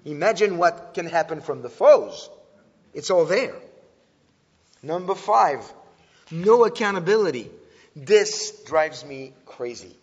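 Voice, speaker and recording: A man with a somewhat raised pitch delivers an earnest talk to an audience, stumbling over restarts and filler sounds as he goes. The sound is dull and lo-fi, and a long reverb trails each phrase. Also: lively intonation, slow, long pauses. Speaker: speaker teaching about antisemitism.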